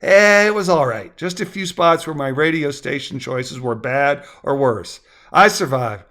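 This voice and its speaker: A man voicing a fit, brisk woman with a matter-of-fact, shrugging manner in a spoken story. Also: fairly high pitch, pushed and bright.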